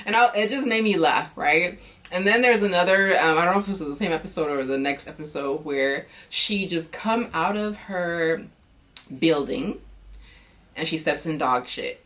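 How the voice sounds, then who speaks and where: An American woman talking casually in an animated, chatty way, acting out quick reactions as she tells stories. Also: lowish voice. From United States. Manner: animated, chatty storytelling with lively quoted reactions. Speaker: vlogger. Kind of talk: casual chat.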